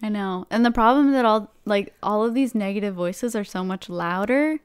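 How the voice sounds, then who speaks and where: A young woman co-hosting a casual chat, agreeable and quick to chime in with "yeah.". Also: mid-range voice, smooth, dry recording. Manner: agreeable, frequent backchannel "yeah". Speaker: co-host.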